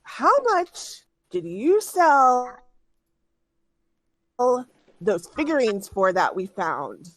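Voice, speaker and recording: A woman voicing a sharp-tongued female bandit leader who slowly presses an underling with accusing questions in a tabletop game. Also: mid-range voice, very animated, no room sound, full character voice. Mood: demanding.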